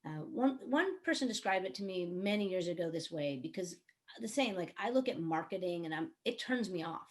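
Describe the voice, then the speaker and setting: A woman's voice: on the low side, expressive, fairly quick. A woman who works as a songwriter, producer and coach, explaining her ideas earnestly on an online panel with everyday examples. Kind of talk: panel discussion.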